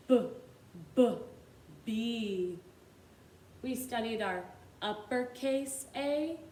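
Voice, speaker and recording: A woman teaching a phonics lesson to young children, drawing out sounds in a slow sing-song manner. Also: on the high side, a bit bright, reverberant, a little hiss or hum. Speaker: kindergarten teacher.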